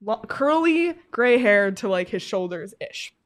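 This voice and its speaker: A woman's voice: medium pitch, unhurried. A woman co-hosting a sports podcast, casually telling a story with lots of laughs and fillers. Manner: animated, laughs often, frequent fillers. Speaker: podcast co-host.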